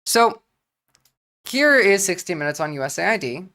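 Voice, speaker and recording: A blunt, profane woman streamer from New Jersey does casual livestream political commentary. Her voice is lowish and a bit bright, with big pitch swings. She talks fast in bursts, often restarting her sentences.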